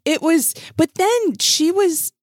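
A woman's voice: very high-pitched, expressive, slow, no room sound, studio quality. A woman co-hosting a podcast, chatting animatedly and swearing, often trailing off mid-thought. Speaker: podcast co-host. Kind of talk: casual chat recapping a reality show.

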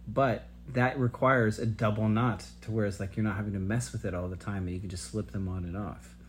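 A man's voice: fairly low pitch, steady tone, a little fast, slight background noise. A man co-hosting a podcast, rambling and joking in casual chat. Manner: rambling, jokey. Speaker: podcast co-host.

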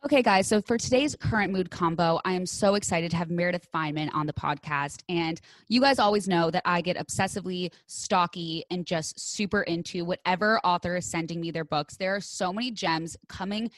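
A woman's voice: on the low side, fairly quick, hardly any pauses, no echo, clean studio sound. Chatty young woman hosting a podcast. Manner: chatty, gushing, filler-heavy. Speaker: podcast host. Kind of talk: casual podcast chat with ad reads.

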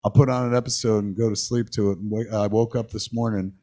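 A man's voice: lowish voice, fast talker. A man hosting a live podcast show in a cinema, bantering with the audience and swearing freely. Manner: excitable, swears freely, quizzes the crowd. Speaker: podcast host.

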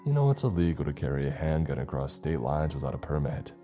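A man's voice: very animated, fast talker, mellow, soft background music. A man doing a smug monster. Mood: smug, menacing. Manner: low, smug, taunting. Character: menacing male monster in human guise, sly and calm. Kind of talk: horror story reading.

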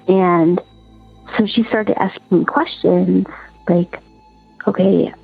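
A woman caller telling a personal story in an earnest, halting, repetitive way over the phone. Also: lowish voice, fairly even intonation, vocal fry, slightly rough, no echo. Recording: tinny phone line with faint music.

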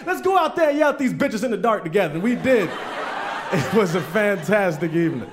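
A man's voice: high-pitched, fairly quick, a little hiss or hum. A man doing a stand-up comedy set, telling loose stories with lots of swearing and acted-out voices of friends. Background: audience laughter.

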